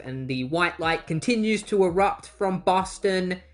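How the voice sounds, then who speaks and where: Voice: mid-range voice, lively intonation, a little slow, faint music behind. A host recapping comic book issues in a casual, wry way, swearing now and then and briefly acting out characters' lines. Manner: breezy, wry, swears casually, acts out quotes.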